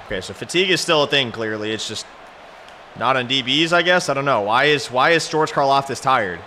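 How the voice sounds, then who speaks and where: A man giving live commentary over a football video game, excitable and trash-talking, shouting at his players. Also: mid-range voice, fairly quick, a little hiss or hum. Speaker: gaming YouTuber.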